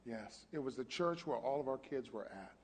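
A man's voice: medium pitch, expressive, moderate pace, a little mellow, a little hiss or hum. A pastor chatting and telling stories animatedly, often stumbling over his words. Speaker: pastor, co-host. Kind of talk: casual chat, storytelling. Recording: long hall reverb.

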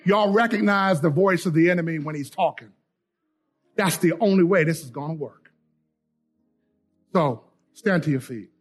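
High-voiced fiery male preacher. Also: normal speed, long pauses, soft background music. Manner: fiery, call-and-response preaching that swings from loud shouts to quiet prayer. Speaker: pastor. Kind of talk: sermon. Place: church sanctuary with a congregation.

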